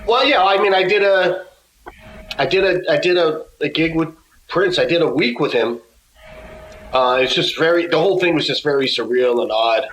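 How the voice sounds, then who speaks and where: Man guest, lively storyteller, slightly high voice, quotes people with voices, roomy room sound. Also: moderate pace, slight background noise. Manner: animated, acts out other people's lines in his stories. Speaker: musician guest. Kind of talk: casual interview storytelling.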